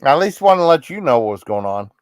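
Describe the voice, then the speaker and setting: A man's voice: fairly high pitch, sing-song, fast, no room sound, studio quality. A man hosting a livestream, chatting casually with viewers in a rambling, apologetic, reassuring way. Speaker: livestream host.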